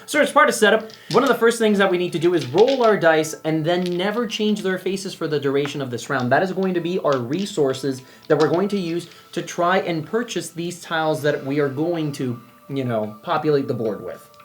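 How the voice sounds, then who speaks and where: Low-pitched woman chatting through game setup. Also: lively intonation, moderate pace, a little hiss or hum. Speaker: board game channel host.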